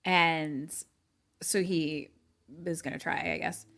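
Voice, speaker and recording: A woman's voice: slow pace, creaky. A young woman co-hosting a casual podcast, retelling a film scene by scene and acting out the characters' lines, with many fillers. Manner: animated storytelling, acts out lines in a higher voice, many "like" fillers. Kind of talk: casual chat.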